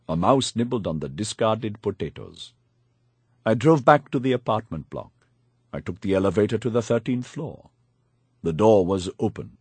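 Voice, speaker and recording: A man's voice: medium pitch, husky, no echo. A man narrating a first-person audiobook in a wry, confiding storytelling manner, on a close studio mic.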